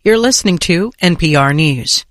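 A woman newscaster reading a national news bulletin in a crisp, measured way. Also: on the low side, expressive, no room sound, clean studio sound.

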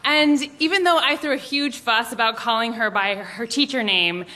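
A woman from Montana telling a personal story live on stage, animated and self-mocking, acting out the quotes. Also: fairly high pitch, moderate pace.

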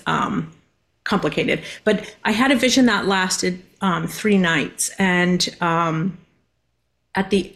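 Woman from massachusetts on a radio interview, lots of ums and restarts, kinda halting. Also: medium pitch, fairly bright tone. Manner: hesitant, many ums and restarts. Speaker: guest, linguist.

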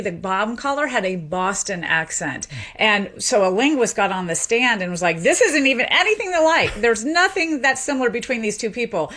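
A woman in her thirties from the American South speaks as a linguist guest in an interview. She explains in a lively, articulate way and laughs easily. Her voice is mid-pitched.

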